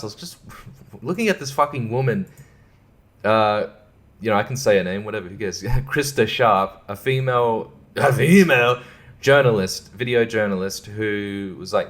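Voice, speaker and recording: A solo podcast host delivers a casual monologue, rambling sarcastically and profanely while chuckling to himself. His voice is on the low side with a fairly bright tone.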